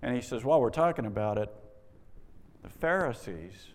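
A man's voice: mid-range voice, expressive, normal speed. A man preaching a sermon, with wry rhetorical questions and exasperated asides. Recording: long reverb of a large hall.

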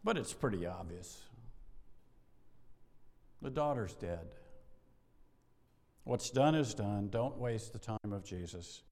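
A middle-aged man preaching a sermon, animated, acting out bits of dialogue and laughing now and then. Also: on the low side, slow, pauses often. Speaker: pastor. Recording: long hall reverb.

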